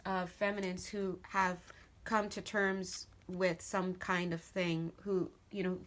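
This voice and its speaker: A woman's voice: lowish voice, flat delivery, takes it slowly, fairly bright tone, a little hiss or hum. Chatty woman giving a tarot reading. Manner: chatty, laughs often, rambling asides. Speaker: tarot reader. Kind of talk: casual spoken tarot reading.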